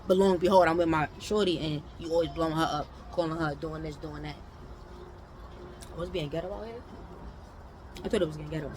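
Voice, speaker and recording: A young woman from New York telling a casual storytime, animated, with loud outbursts and mumbled asides. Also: low voice, a little fast, pauses often, a little hiss or hum, low-quality recording.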